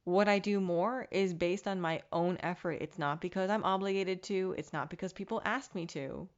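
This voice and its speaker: A woman's voice: on the low side, moderate pace, muffled recording. Candid woman hosting a self-help podcast. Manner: candid, reflective, mildly profane self-help talk. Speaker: podcast host. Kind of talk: casual motivational monologue.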